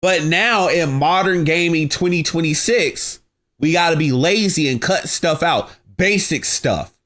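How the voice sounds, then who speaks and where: High-voiced combative male streamer. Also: a little slow. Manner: combative, mocking, slangy, rising into shouting. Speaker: livestream host. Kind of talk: heated livestream rant.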